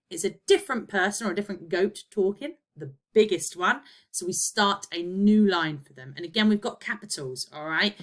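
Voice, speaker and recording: Lower-voiced woman teaching a class. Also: a bit bright. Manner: explanatory, checks in with "okay?". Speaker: primary school teacher. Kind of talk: recorded online lesson.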